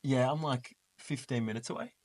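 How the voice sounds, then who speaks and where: A man's voice: mid-range voice, brisk, a little mellow. A man telling a travel story in a casual chat among friends, acting out bits of it with laughs. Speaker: guest. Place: indoors, holiday flat.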